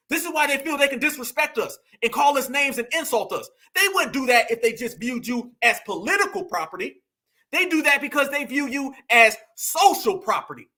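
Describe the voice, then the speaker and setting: A man's voice: extremely high pitch, pushed and bright. A man delivering an impassioned political monologue as a commentator, preachy and emphatic, repeating lines for effect and calling out to his listeners.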